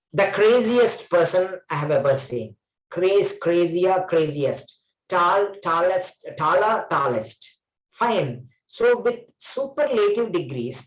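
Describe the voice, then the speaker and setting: A man's voice: high voice, reverberant, rough recording. A man teaching an online English grammar class, often repeating phrases and correcting himself. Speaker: English trainer.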